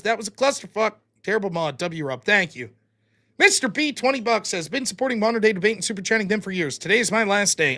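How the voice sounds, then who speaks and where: A man's voice: high voice, pushed and bright. A man hosting a livestream, reading out donor names and amounts and answering them with dry quips. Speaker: streamer host reading donations. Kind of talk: casual livestream chat.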